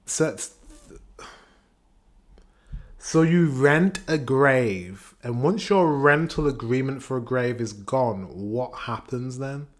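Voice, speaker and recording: Excitable man reacting on camera. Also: mid-range voice, slow. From United Kingdom. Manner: excitable, laughing, repeats rhetorical questions. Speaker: reaction video host. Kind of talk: casual reaction commentary.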